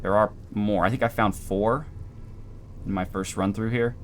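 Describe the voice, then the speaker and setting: A man giving calm, dry, explanatory commentary while playing a video game. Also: on the low side, moderate pace, slight background noise. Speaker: gameplay commentator. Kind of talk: let's play commentary.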